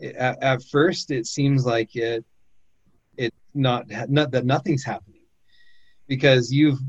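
Halting man, dull dry recording. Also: medium pitch, no room sound. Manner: halting, repeats words, encouraging. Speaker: host. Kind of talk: casual chat, coaching advice.

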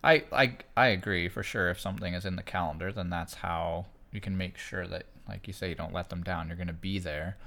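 A parent co-hosting a casual podcast, telling everyday stories with animation and frequent laughter. The voice sits very low in pitch and is picked up close on a studio podcast mic. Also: a little fast, vocal fry, few pauses. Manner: animated storytelling, laughs often.

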